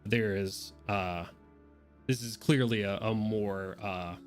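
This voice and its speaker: Low-voiced casual dungeon master. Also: male voice, steady tone, slow pace, faint music behind. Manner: casual, rambling, swearing. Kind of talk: narrating a tabletop game.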